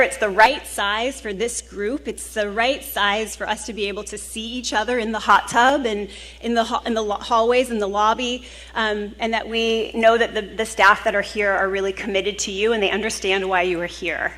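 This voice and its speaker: A woman's voice: medium pitch, steady tone, normal speed. Emotional woman opening a conference. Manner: warm, earnest and emotional, with small laughs. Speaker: conference host. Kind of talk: welcome speech to a live audience. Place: conference hall.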